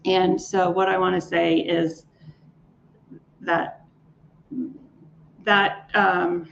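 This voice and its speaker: Low gravelly woman telling coaching stories. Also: flat delivery, drawn-out words. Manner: enthusiastic, repeats and restarts words. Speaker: leadership coach. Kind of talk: speaker interview storytelling. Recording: dull lo-fi sound with faint noise.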